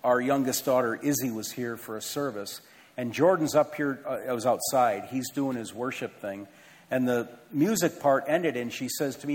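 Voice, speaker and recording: Middle-aged man, pastor, mid-pitched voice, conversational pulpit announcements, big sanctuary reverb. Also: normal speed, darkish tone. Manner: conversational, earnest, self-deprecating asides. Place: large church sanctuary with a balcony. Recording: long hall reverb in a church.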